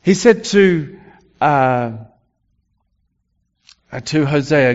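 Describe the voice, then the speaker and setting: Slow, halting preacher in an echoing hall. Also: male voice, medium pitch. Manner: halting, with many restarts and fillers. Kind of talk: sermon. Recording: dull lo-fi recording with long hall reverb.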